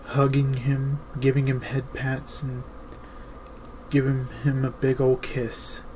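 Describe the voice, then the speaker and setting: A man speaking slowly and deliberately at a middle pitch, delivering an earnest, emphatic advice monologue as host. Faint insect buzz sits in the background. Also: slight background noise, rough recording.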